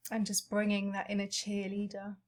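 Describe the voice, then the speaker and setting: A woman guides an EFT tapping session, naming each tapping point slowly and gently. Her voice sits in the mid-range and stays monotone.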